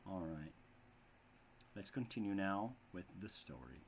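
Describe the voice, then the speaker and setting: A man's voice: sits low, measured pace, slight background noise. A man with a Brazilian Portuguese accent, an English teacher reading a story aloud and stopping to explain words. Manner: relaxed, explains words as he goes.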